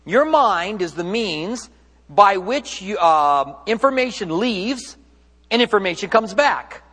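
A man's voice: high voice, lively intonation, slow, fairly bright tone, in a large hall. A man delivering a sermon as a pastor in a church, speaking in a conversational, joking way and often correcting himself mid-sentence.

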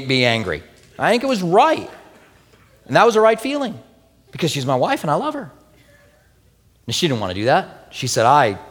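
A man preaching a sermon as pastor, telling personal stories with lively, animated delivery and acting out quoted prayers in a soft voice. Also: fairly high pitch, breathy edge, long reverb tail. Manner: animated storytelling, acts out quoted prayers softly.

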